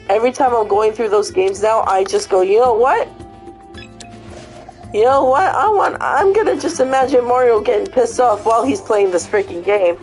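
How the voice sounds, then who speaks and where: A woman chatting casually, retelling a funny video with lots of swearing and animated storytelling. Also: mid-range voice, poor audio. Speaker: host. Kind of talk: casual chat.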